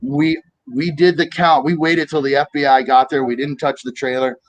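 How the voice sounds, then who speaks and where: A man in his fifties from the United States, telling animated stories in a casual political chat and acting out quoted voices. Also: fairly high pitch, normal speed, no room sound, rough recording. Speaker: co-host of a political talk stream.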